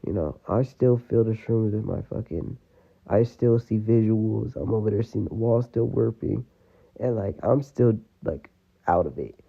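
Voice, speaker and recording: Man, casual storyteller, gravelly and husky, tinny phone-line sound. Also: fairly low pitch, unhurried. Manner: rambling, full of "you know" and "like".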